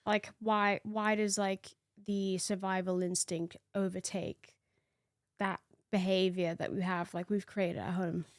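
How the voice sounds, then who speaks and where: A woman's voice: mid-range voice, little pitch movement, a little slow, dry recording, studio quality. A woman co-hosting a casual podcast chat, curious, asking questions and making jokes. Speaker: podcast co-host.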